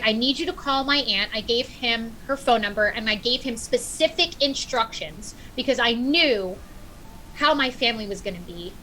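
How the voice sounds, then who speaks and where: A middle-aged woman on a podcast, telling a personal story in animated, casual chat and acting out what people said. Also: fairly high pitch, moderate pace, a little hiss or hum, low-quality recording. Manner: animated storyteller, acts out quotes. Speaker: podcast guest.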